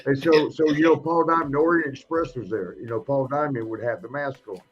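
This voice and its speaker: A man's voice: medium pitch, brisk, muffled recording, over music. A man who hosts a podcast, telling rambling wrestling stories with laughter and frequent restarts. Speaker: podcast host, retired wrestler. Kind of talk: casual storytelling.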